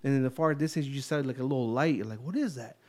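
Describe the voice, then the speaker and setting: A man co-hosting a casual podcast, telling a story in an animated, heavily profane way. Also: mid-range voice, rapid-fire. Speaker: podcast co-host. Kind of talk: casual chat.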